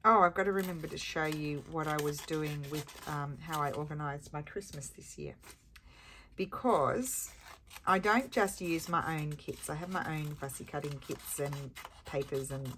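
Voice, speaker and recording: Low-voiced chatty woman crafting. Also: normal speed, a bit bright, a little hiss or hum. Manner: rambling, chatty, with frequent fillers and chuckles. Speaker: crafting vlogger. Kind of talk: casual chat while crafting.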